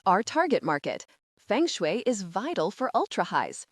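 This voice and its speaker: A woman's voice: mid-range voice, very animated, unhurried, no echo, studio quality. A woman reading the part of a proud, jovial male property developer who talks breezily about luxury homes. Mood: boastful.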